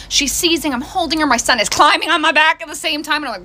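A woman's voice: sits high, animated, fairly quick, few pauses, pushed and bright. A middle-aged woman telling chatty family stories as a mom, acting out her kids' voices. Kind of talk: casual storytime. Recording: faint background noise.

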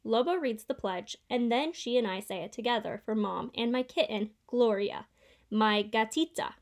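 A woman reading a children's picture book aloud in a steady, clear storytelling way. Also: on the high side, normal speed. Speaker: reader.

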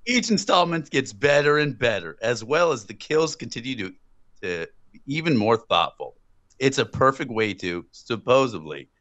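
Foul-mouthed podcast guy laughing through his reviews, pitch jumping all over, dull lo-fi sound. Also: dry recording. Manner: profane, laughing, swings loud and high when riled. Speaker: podcast co-host. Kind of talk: crude joking podcast banter.

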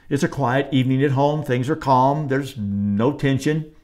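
A man, a pastor, delivering a sermon in a calm, measured way, slowing and softening on key phrases. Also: mid-range voice.

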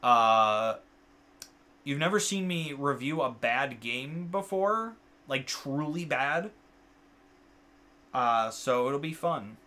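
Bright-voiced man in rambling gaming chat. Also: medium pitch, slow pace, pauses often. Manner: rambling and filler-heavy, lots of uh and like; excitable, swears freely. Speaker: co-host of a gaming channel. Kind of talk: casual chat while playing games.

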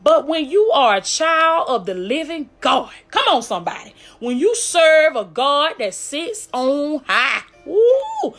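A woman's voice: sits high, sing-song, unhurried, few pauses, a bit bright, soft background music. A woman preaching a fervent live-streamed sermon with a call-and-response cadence, repeating "glory be to God" between lines.

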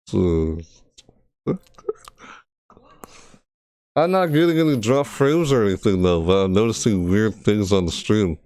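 A man with a low, smooth voice talks slowly into a dry, close microphone. He thinks aloud with frustration as he troubleshoots his stream, chats with his viewers and often repeats words while testing. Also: darkish tone, no echo. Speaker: gaming streamer. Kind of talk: casual live-stream commentary.

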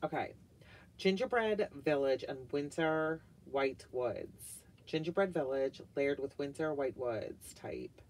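Middle-aged woman, casual haul vlogger; slow, gushing delivery with lots of fillers and hushed asides. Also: extremely low pitch, animated. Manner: gushing, chatty, full of "like" fillers, drops to whispered asides. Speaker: vlogger reviewing wax melts.

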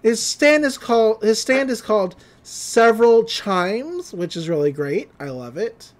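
A podcast host giving a casual, giggly recap of a cartoon episode, retelling scenes in an animated way. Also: mid-range voice, a little slow.

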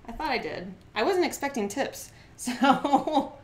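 A woman's voice: high-pitched, animated, a little slow. A woman chatting casually while demonstrating a craft on a live stream, giggly and full of "like" fillers.

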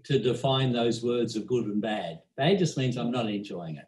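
With an expressive, slightly mellow medium-pitched voice at a moderate pace, an Australian man who teaches meditation shares an anecdote in conversation. He chuckles a lot and fills his speech with "you know," and the room echoes.

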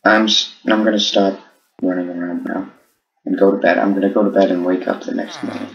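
A man hosting a gaming channel, chatting casually and rambling as he narrates his own play in a put-on deep voice. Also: level tone, brisk, vocal fry. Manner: rambling, chatty self-narration with little laughs. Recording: muffled recording with faint hiss.

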